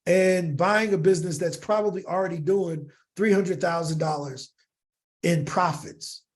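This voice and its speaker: A man from the United States, a podcast guest, telling a lively story in casual slang and acting out bits of dialogue. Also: high voice, moderate pace. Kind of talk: animated storytelling in an interview.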